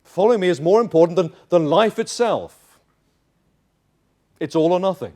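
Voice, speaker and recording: Guy preaching in church, kinda high voice, acts out voices, really emphatic. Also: expressive, normal speed, warm tone. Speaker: pastor. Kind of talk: sermon.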